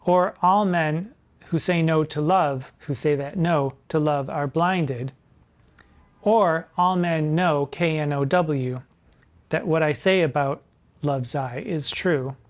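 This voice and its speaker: Arch, campy man discussing sonnets. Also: a little high. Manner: arch, campy, playful, with slow emphatic recitation of quoted lines. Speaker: drag performer hosting a sonnet discussion. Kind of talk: scripted literary commentary.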